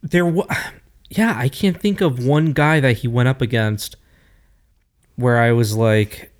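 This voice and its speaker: A man co-hosting a casual chat about fighting, thoughtful and often pausing to find his words. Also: mid-range voice. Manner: thoughtful, hesitant, searches for words. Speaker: co-host.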